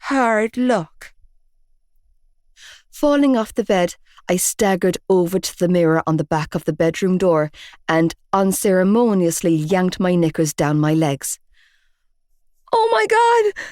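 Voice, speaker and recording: A woman narrating a romance audiobook in first person, measured and expressive. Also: fairly low pitch, dry recording, studio quality.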